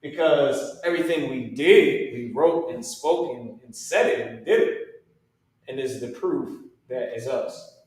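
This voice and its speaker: A man's voice: medium pitch, a little slow, darkish tone, very echoey, far from the mic, low-quality recording. A man teaching a religious language class, talking casually with slang and frequent restarts.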